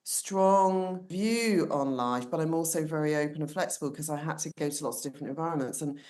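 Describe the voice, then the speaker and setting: A woman's voice: sits low, fairly quick, a little mellow. A middle-aged woman from England with a mixed, London-leaning accent, a coach talking reflectively as a guest in a casual podcast conversation. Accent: mixed English, London-leaning. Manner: reflective, chatty, laughs easily.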